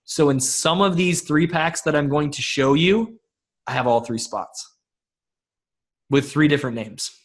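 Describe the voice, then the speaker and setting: A man talking casually as a webinar guest, fast and informal, with lots of restarts and fillers. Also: a little high.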